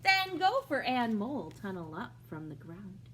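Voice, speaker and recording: A woman librarian reading a picture book aloud at a preschool storytime, pausing to ask the young listeners questions. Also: mid-range voice, very animated, fairly bright tone, a little hiss or hum. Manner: slow, sing-song, asks young listeners questions. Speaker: children's librarian.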